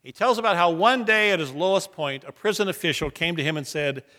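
A man's voice: high voice, a little fast, sharp tone, long reverb tail. A man preaching a sermon, telling stories earnestly and building emphatic repeated lines. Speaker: pastor.

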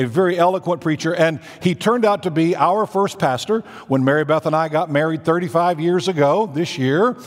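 A man, preaching a sermon as pastor with dramatic pauses and emphatic rising declarations, in a church sanctuary. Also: fairly high pitch. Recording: reverberant church hall.

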